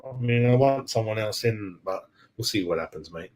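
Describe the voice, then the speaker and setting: A man's voice: fairly low pitch, expressive, moderate pace, a little mellow. A man hosting a football fan channel, chatting casually with live-stream viewers, laughing often and calling everyone mate.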